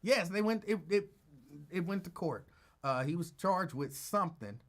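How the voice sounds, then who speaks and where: A male radio talk show host with a high voice tells a story at a moderate pace. His delivery is casual and teasing, and he animatedly acts out the quotes.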